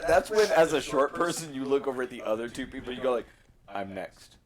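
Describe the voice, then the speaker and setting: A man in casual podcast chat, teasing his friends with quick reactions. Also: medium pitch, crowd noise.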